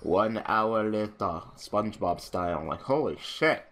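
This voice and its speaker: A man's voice: fairly low pitch, animated, measured pace. Young man ranting over gameplay. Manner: profane, ranting, exasperated; flips between mumbled asides and loud outbursts. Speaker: gaming channel host. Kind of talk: casual gameplay commentary.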